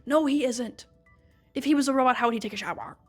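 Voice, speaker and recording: Chatty sarcastic woman, higher voice. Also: quick pace, soft background music. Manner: chatty, sarcastic, swears freely. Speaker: video creator recapping a game story. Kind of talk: casual story recap.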